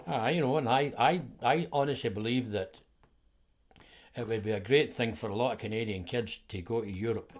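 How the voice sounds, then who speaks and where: A man's voice: medium pitch, normal speed. A Scottish man in his seventies, a podcast guest rambling through anecdotes with frequent chuckles and restarts. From Scotland. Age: 70s. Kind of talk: casual storytelling conversation.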